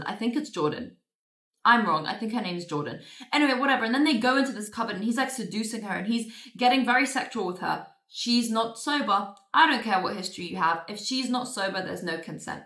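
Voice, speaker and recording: A woman's voice: mid-range voice, lively intonation, bright, forceful tone. Sarcastic woman ranting about a book. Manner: exasperated, sarcastic, swears freely; rapid plot recap with filler "like". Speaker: book reviewer. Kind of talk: casual book review vlog. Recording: roomy echo.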